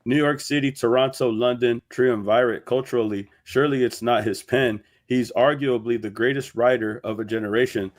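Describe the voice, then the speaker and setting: A man's voice: mid-range voice, steady tone, moderate pace, hardly any pauses. A man giving a firm, argumentative opinion commentary. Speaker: commentator in played clip.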